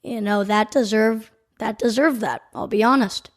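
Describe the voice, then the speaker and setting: A woman's voice: a little high, moderate pace. A woman hosting a podcast in a playful, joking way. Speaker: podcast host.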